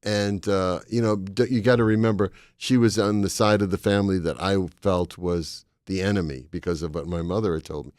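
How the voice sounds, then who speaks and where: A man's voice: low-pitched, steady tone, a little fast, few pauses, darkish tone, no echo, clean studio sound. An older man with a Boston accent, a comedian and author telling meandering, comic stories as a talk-show guest. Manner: anecdotal, meandering, with comic timing. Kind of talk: casual chat, storytelling.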